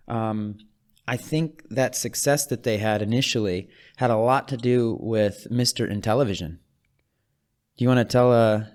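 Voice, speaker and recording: A man's voice: on the low side, a little mellow. A young adult man co-hosting a podcast, eager and chatty, correcting himself as he goes. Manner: eager, self-correcting, reads facts aloud. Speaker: podcast co-host. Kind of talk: casual chat.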